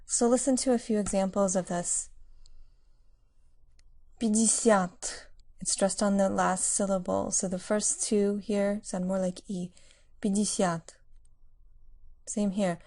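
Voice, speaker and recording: A woman's voice: medium pitch, steady tone, moderate pace, hardly any pauses, dark tone. Woman teaching Russian numbers, patiently. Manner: clear, patient explaining. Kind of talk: language lesson.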